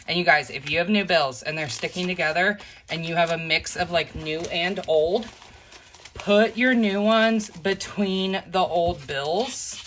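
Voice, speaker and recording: A woman's voice: on the low side, measured pace, fairly bright tone, slight background noise. Chatty woman counting cash aloud. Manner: chatty, addresses viewers as "you guys", counts bills aloud. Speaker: budgeting vlogger. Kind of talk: casual talk to camera while counting cash.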